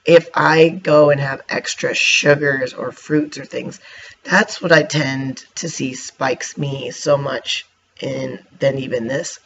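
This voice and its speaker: A man's voice: medium pitch, steady tone, takes it slowly, creaky, fairly bright tone. A man casually reviewing snacks for his viewers, chatty and hiccuping now and then. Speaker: vlogger. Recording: dull lo-fi sound with faint noise.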